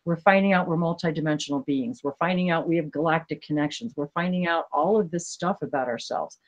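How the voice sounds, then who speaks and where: A woman hosting a spiritual livestream, talking casually in an earnest, emotional way, rambling with many halting restarts. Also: low voice, lo-fi sound.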